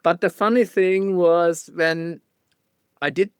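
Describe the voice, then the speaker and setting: A man with a German accent, a guest photographer telling stories in a casual interview, halting and restarting often with small laughs. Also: sits high, steady tone, smooth, no echo, clean studio sound.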